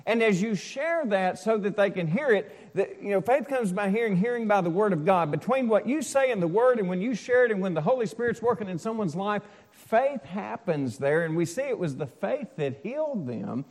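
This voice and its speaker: A male pastor giving a sermon in a casual, storytelling way, moving between loud proclaiming and soft asides. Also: high voice, expressive, normal speed, few pauses, big-room sound. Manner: conversational preaching with asides and stories, swings loud and soft.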